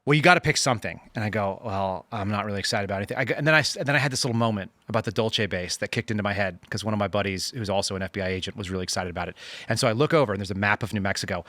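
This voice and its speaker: Brief: quick, bright male storyteller, dry close mic, acts out dialogue. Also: fairly low pitch, no echo. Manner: animated anecdote teller, acts out dialogue. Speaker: guest, former FBI agent. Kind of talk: casual panel chat, storytelling.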